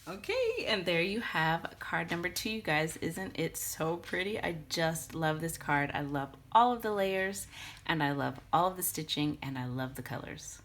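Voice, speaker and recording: A woman's voice: low voice, big pitch swings, normal speed, a bit bright, a little hiss or hum. A young woman chatting her way through a card-making tutorial, gushing about papers and colors and thinking aloud as she works at her craft table.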